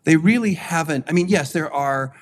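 A man co-hosting a podcast, talking in a measured way with many hesitations and fillers. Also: fairly high pitch. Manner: hedging, filler-heavy, measured. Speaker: podcast co-host. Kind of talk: casual discussion.

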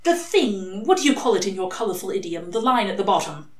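A woman's voice: mid-range voice, big pitch swings, a little fast, slight background noise, close to an everyday voice. A woman voicing a fussy, prim male angel who frets and dithers. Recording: echoey room.

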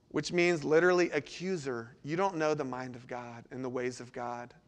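A man pastor preaching a sermon, swinging between lively emphasis and quiet, intense passages. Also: a little high, normal speed, few pauses. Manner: dynamic delivery, sudden drops to quiet intensity.

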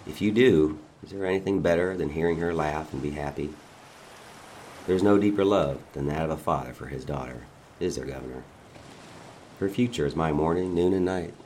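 A man reading a dramatic monologue as a father who calmly taunts a bound governor, his manner quiet, mocking and menacing. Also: a bass voice, moderate pace, a little hiss or hum.

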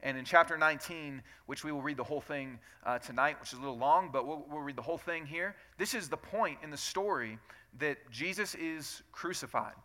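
A man's voice: fairly high pitch, a little fast, pushed and bright. A man leading a church Bible reading, reading scripture aloud and then explaining it in plain, chatty asides. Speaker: pastor. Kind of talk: Bible reading with casual commentary.

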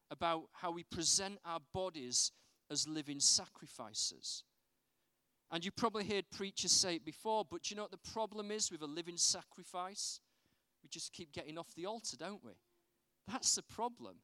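In studio-quality audio with no echo, a man with a high voice preaches. His sermon is animated storytelling, punctuated by rhetorical questions to the congregation.

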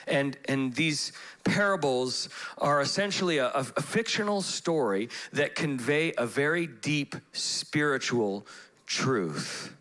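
A pastor preaching a sermon in church, animated, acting out voices in his stories. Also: medium pitch, slow.

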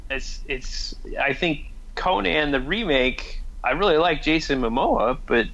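A man's voice: on the high side, lively intonation, a little slow, a bit bright. A man co-hosting a movie podcast in easygoing, opinionated casual chat. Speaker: podcast co-host. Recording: dull lo-fi mic with noise.

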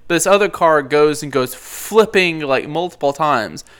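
A man's voice: on the high side, animated, moderate pace, fairly bright tone, smooth. A man chatting casually about a movie, rambling with lots of fillers and jokes. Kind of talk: casual movie review chat.

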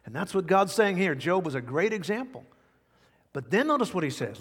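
A male pastor preaching a sermon emphatically, swinging between loud high bursts and quiet low asides. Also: sing-song, a little fast, husky, long reverb tail. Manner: emphatic preaching with sudden swings in pitch and volume. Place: church sanctuary.

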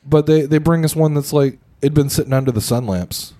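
A man's voice: on the high side, fairly quick, dark tone. A young man co-hosting a podcast, telling a story in a rambling, casual way with lots of fillers and swearing. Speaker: podcast co-host.

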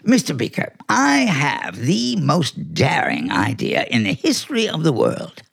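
A man's voice: fairly high pitch, wildly swooping pitch, a little slow, vocal fry, a bit bright, slightly rough, exaggerated voice. An actor playing a clever, bossy talking male house cat in a 1940s radio play, smug and theatrical. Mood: scheming.

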